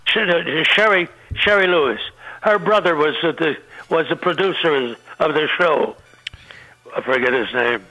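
A man's voice: on the high side, measured pace, pushed and bright, faint music behind, low-quality recording. An older man, a comedian being interviewed, telling rambling anecdotes and laughing at his own punchlines. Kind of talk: anecdotal storytelling.

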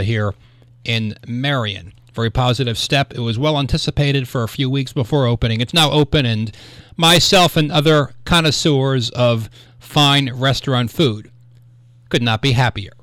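A man's voice: mid-range voice, a bit bright, dry recording. A man hosting a local radio show, talking in a chatty, rambling way. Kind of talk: casual radio talk show monologue. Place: small radio studio. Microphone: studio microphone.

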